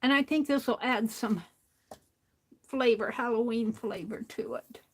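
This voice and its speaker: A woman hosting a craft stream, talking casually to herself as she works, often trailing into soft near-whispers. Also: on the high side, a little slow, breathy edge, poor audio. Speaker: craft livestream host. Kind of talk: casual craft talk while working.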